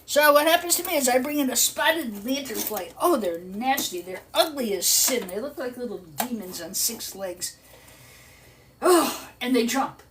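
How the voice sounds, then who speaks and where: A woman's voice: fairly high pitch, moderate pace. An older woman hosting a live stream, telling a long story in a casual, chatty way and laughing often. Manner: chatty, laughs often, animated when quoting others. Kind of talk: casual storytelling while working. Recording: clear background noise with clicks.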